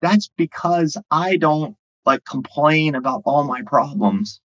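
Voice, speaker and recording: A man's voice: on the high side, lively intonation, takes it slowly, a bit bright, dry recording, dull audio, pitched above the performer's own voice, exaggerated voice. A man voicing his former business partner, a blunt and upbeat investor, in a raised voice.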